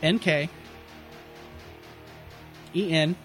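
A man's voice: fairly high pitch, very slow, fairly bright tone, faint music behind. A man co-hosting a podcast, swearing and mocking in loose, joking banter. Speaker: podcast co-host. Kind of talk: crude comedic podcast banter.

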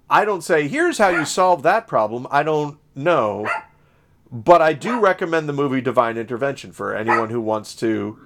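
A man from Southern Illinois co-hosts a podcast in a loose, conversational way. His voice sits at an ordinary pitch, and he wanders through his thoughts with plenty of "uh"s and restarted sentences. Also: fairly bright tone. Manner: rambling, many fillers and self-corrections. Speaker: podcast co-host. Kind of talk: casual conversational chat.

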